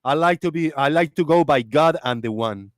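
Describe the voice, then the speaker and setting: A man's voice: fairly high pitch, moderate pace, dry recording, studio quality. A man hosting a casual live voice chat, ranting, swearing freely and often breaking into laughter, heard through an online call. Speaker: host.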